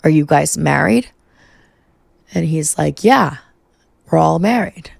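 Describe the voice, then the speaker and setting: A young woman tells a story on her podcast, swearing freely and filling her sentences with fillers. Her voice sits deep in a gravelly fry, and the recording is dry and close. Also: expressive, takes it slowly, darkish tone, no room sound. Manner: chatty, profane, filler-heavy. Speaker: podcast host. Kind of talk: casual storytime monologue.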